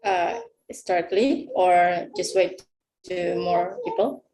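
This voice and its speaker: A woman's voice: on the low side, lively intonation, slow pace, dark tone. A woman volunteering in an online class, speaking hesitant, polite non-native English. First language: Indonesian. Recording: echoey room with faint noise.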